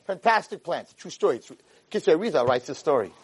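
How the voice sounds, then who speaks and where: A man telling a story in a lecture, animated and acting out the characters' voices. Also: a little high, fast talker, slight background noise.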